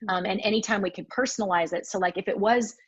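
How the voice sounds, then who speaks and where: A woman's voice: medium pitch, quick pace, slightly rough, no echo. A woman co-creator of a web series, earnestly sharing her crowdfunding experience.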